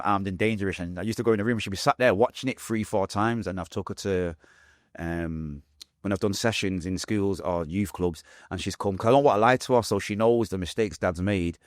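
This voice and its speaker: Fast-talking Manchester man telling his story. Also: fairly low pitch, no room sound, clean studio sound. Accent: Mancunian English. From Manchester, England. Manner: fast, animated retelling with acted-out quotes. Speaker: podcast guest. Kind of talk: candid storytelling.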